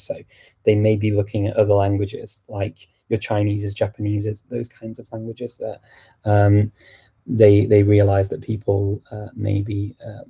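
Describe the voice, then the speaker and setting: A man's voice: lowish voice, dark tone, husky. A middle-aged man hosting a casual live chat about language learning, talking loosely with frequent laughs and restarts. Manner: chatty, laughs often, many restarts. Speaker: language channel host.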